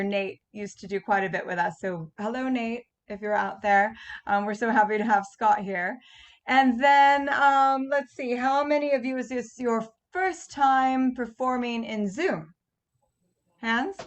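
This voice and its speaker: A middle-aged woman hosting a cast Q&A on a video call, chatting and reading out audience comments. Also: a little high. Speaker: theatre director hosting a cast Q&A. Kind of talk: casual chat on a video call.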